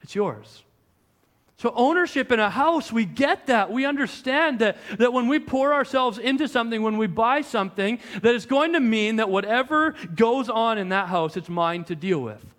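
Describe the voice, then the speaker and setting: A young adult man, a pastor, preaching a sermon in a conversational, animated storytelling way with frequent restarts. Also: extremely high pitch, moderate pace.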